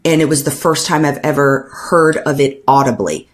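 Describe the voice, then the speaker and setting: A middle-aged woman speaks as a podcast guest, sharing a personal story. Her voice sits a little low, and she brings the tale to life by acting out the voices of the people in it, laughing now and then. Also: normal speed. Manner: animated storyteller, acts out quoted dialogue with laughs.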